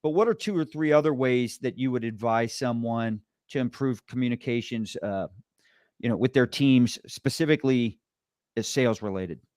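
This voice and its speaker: A man's voice: mid-range voice, moderate pace, a little mellow, no echo, clean studio sound. A man hosting a podcast interview, asking questions and reflecting in a chatty way. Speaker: podcast host.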